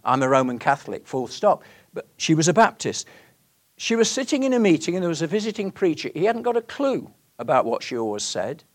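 Older male preacher in his sixties, sermon delivery, earnest, somewhat high-pitched, alternates forceful emphasis with quiet asides. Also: sing-song, brisk. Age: 60s. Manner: earnest, swings between loud emphasis and hushed questions.

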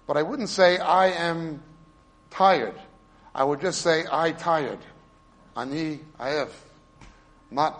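A man preaching a sermon, explaining Hebrew and Greek words with emphatic stresses and quiet asides. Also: on the high side, in a large hall. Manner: swings between loud stresses and quiet asides.

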